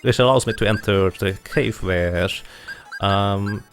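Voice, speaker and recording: A man giving steady, explanatory live commentary on his own speedrun. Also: fairly low pitch, slow pace, faint music behind. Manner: steady explanatory, light laughs.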